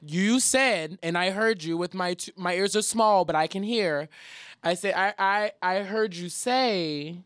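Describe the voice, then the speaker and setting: A man's voice: high voice, measured pace, smooth, dry recording, clean studio sound. A young man from New telling a profane story in casual talk, acting out every quote. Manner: animated, profane, acts out quotes.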